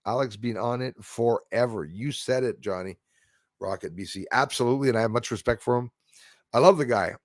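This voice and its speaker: A man's voice: mid-range voice, brisk, no room sound, studio quality. A man hosting a casual livestream, rambling and opinionated as he reads out viewer comments and laughs at his own jokes. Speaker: livestream host.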